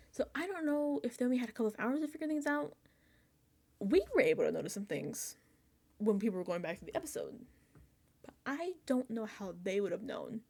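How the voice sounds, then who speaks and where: Excitable young woman recapping a show. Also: mid-range voice. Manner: animated storytelling, acts out reactions; chatty and excitable, laughs often. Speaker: reality show recap host. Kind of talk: casual reaction recap.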